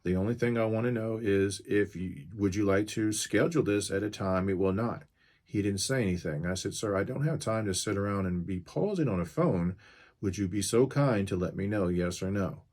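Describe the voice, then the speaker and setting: Low voiced guy in his 50s, mechanic venting about a customer, blunt, gets fired up. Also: moderate pace, a little mellow. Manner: firm, blunt and straight to the point. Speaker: mobile mechanic. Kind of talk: retelling a customer phone call to camera.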